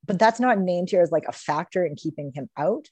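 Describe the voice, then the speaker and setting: A woman's voice: on the low side, expressive, a little fast, darkish tone, slightly rough, dry recording. A woman hosting a casual book discussion podcast, enthusiastic and often laughing as she reads passages aloud. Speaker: podcast host.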